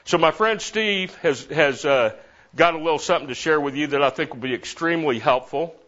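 A middle-aged man teaching a Bible class, lively and repeating verses while stressing different words. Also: on the high side, a little fast. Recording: dull lo-fi recording.

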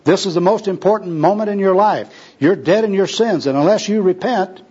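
A man's voice: high-pitched, brisk, a little mellow, husky, voice pushed up. A man voicing a zealous, pushy young male street preacher with an insistent, preachy manner, heard on a dull lo-fi recording.

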